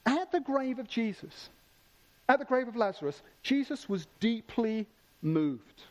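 A man preaching a sermon with enthusiasm, slowing down to stress key words. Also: very high voice, expressive, dull audio.

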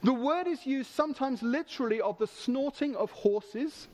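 Very high-voiced enthusiastic male preacher. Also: darkish tone. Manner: enthusiastic, emphatic, slows for key words. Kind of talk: sermon.

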